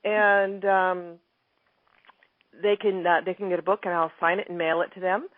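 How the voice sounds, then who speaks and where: This middle-aged comedian and author talks at an ordinary pace in a fairly low, level voice, lively in manner as she reads passages from her book over the phone in a relaxed interview. The audio is a dry, tinny phone line without any room sound.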